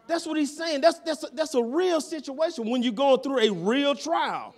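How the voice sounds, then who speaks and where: Man, very high voice, pastor preaching, repeats himself, keeps asking listeners if they follow. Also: lively intonation, moderate pace, few pauses. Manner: checks in with listeners constantly, repeating phrases. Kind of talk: sermon.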